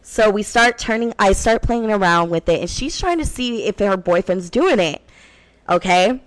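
A woman's voice: medium pitch, animated, normal speed, low-quality recording. A woman hosting her own radio show, telling a raunchy personal story in a brash, profane, frank way. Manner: brash and profane, talks frankly about sex.

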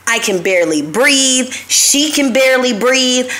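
A woman's voice: high-pitched, animated, measured pace, fairly bright tone. Chatty young woman hosting a live show. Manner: chatty, swears freely, talks straight to her listeners. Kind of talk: casual confessional storytelling.

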